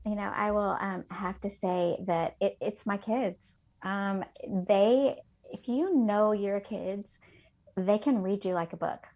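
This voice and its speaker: A woman teacher shares heartfelt classroom stories in a loose, chatty way. She often pauses with "um" and "you know". Her voice is mid-range. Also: medium pitch, a little mellow. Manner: heartfelt storyteller, many fillers. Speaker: elementary teacher, podcast co-host. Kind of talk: casual podcast chat.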